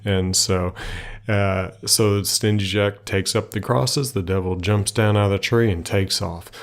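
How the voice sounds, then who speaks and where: A male podcast host telling a folk tale in a casual, colloquial and lively way. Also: on the low side, a little slow. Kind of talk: casual storytelling.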